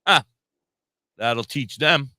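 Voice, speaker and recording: Man, podcast co-host, bright tense voice, dry close sound, profane animated storyteller. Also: medium pitch, takes it slowly, no room sound. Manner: profane, animated storyteller who acts out quotes. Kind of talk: casual storytelling chat.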